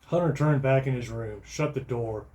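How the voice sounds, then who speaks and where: A middle-aged man with a voice of ordinary pitch reads his own funny story aloud. He keeps the telling dry and matter-of-fact, letting the events carry the humor. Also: normal speed. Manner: dry storytelling, bursts into loud shouting for quoted lines. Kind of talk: first-person comic story reading.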